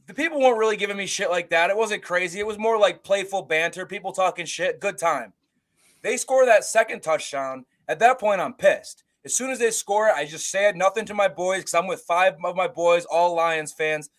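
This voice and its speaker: A man co-hosting a casual sports show, telling an animated story, swearing freely and acting out his own shouts. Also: sits high, normal speed. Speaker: podcast co-host. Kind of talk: casual storytelling about a game.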